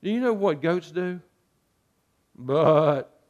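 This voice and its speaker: A man's voice: mid-range voice, animated, normal speed, muffled recording. A man preaching a sermon, moving between earnest scripture reading and playful jokes with sheep bleats. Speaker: pastor.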